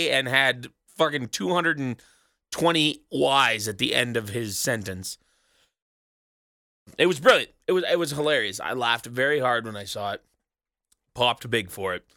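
A man's voice: medium pitch, bright, forceful tone, dry recording, studio quality. A man hosting a solo wrestling recap show, rambling and sarcastic, swearing casually as he talks alone in a small booth. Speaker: wrestling podcast host.

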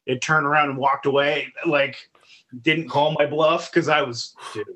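Swearing, bright-voiced man telling stories. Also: on the high side, normal speed. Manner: profane, animated storytelling. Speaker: podcast guest. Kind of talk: casual chat.

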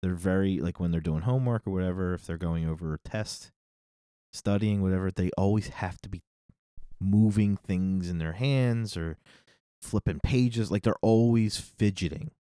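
A man's voice: low voice, normal speed, warm tone, clear, resonant tone, dry recording, clean studio sound. A middle-aged man co-hosting a podcast in casual chat, rambling and correcting himself, often laughing. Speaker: podcast co-host.

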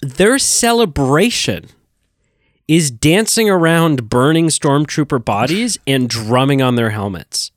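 A man's voice: on the high side, lively intonation, slow, dry recording. A man co-hosting a podcast, talking in an enthusiastic, rambling way with many restarts. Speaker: podcast co-host. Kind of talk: casual chat.

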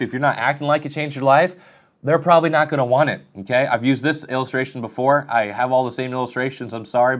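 A man preaching in an earnest, plain way, with a voice of middle pitch. He slips in self-deprecating asides and often lifts his voice to stress a point. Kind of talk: sermon.

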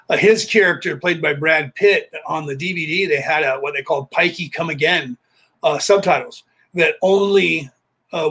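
A man's voice: fairly high pitch, pushed and bright, slightly rough. A middle-aged American man talking in a rambling, casual monologue as a podcast host, full of fillers and restarts. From United States.

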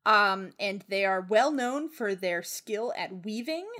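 A woman's voice: medium pitch, animated, slow pace, sharp tone. A young woman casually retelling a legend on a podcast, rambling, swearing freely and giggling. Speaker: podcast co-host. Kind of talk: casual storytelling.

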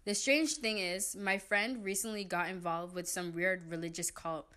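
A woman's voice: fairly low pitch, fairly even intonation, moderate pace, bright, forceful tone. A woman reading riddles aloud in casual chat with friends, playful and giggly.

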